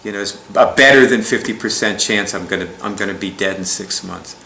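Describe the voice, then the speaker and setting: A man tells a story in a casual, rambling way, with a bright, forceful tone. He chuckles often and restarts his sentences as he goes. The sound rings in a roomy, echoey space. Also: on the low side, fairly quick, creaky, a little hiss or hum. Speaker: speaker recounting a client story. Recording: echoey room.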